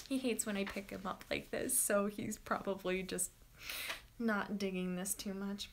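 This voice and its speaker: A young woman hosting a writing-sprint livestream, chatting casually and excitedly with viewers and talking to her dog. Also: mid-range voice, a little slow, background noise. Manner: bubbly and chatty, coos softly to her dog.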